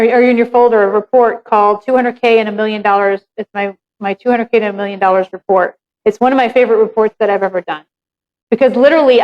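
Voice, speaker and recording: A woman's voice: fairly high pitch, dull audio. A woman presenting a live real estate seminar, chatty and candid, swearing casually as she talks.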